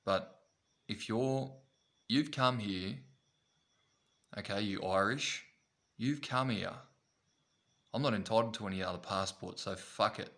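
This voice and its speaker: An Australian man with a fairly low voice rants straight to camera. He talks bluntly, swears freely and keeps repeating his points. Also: a little slow, pauses often, fairly bright tone. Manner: blunt, profane, repetitive. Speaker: vlogger. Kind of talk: ranting to camera.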